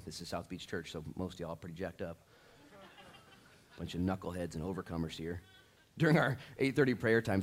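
A man preaching to his church, casual and lively, acting out quotes and dropping slang. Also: on the low side. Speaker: pastor. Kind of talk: sermon.

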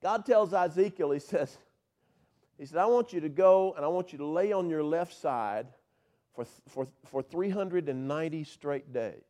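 A male pastor delivering a sermon, swinging from loud, drawn-out emphasis to soft, hushed passages. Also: fairly high pitch, lively intonation. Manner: drawn-out, slowed words for emphasis.

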